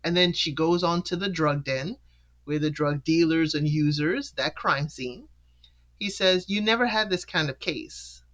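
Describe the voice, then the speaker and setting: A host recapping a TV episode in casual chat, acting out characters' lines with jumps in pitch and laughing between points. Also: unhurried, a bit bright.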